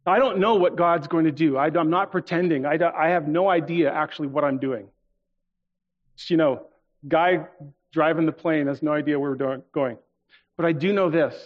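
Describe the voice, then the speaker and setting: A man's voice: fairly high pitch, normal speed. A man preaching a sermon as a guest in a church, earnest and leading the congregation to repeat phrases after him. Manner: earnest, leads congregation in call-and-response. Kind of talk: sermon with prayer. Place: church auditorium. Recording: muffled church recording with soft music.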